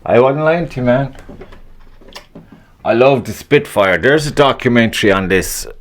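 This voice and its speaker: A man's voice: mid-range voice, expressive, moderate pace. A man hosting a casual solo podcast, swearing freely, rambling and grumbling with an annoyed edge. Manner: profane, rambling, laughs at own jokes. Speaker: podcast host.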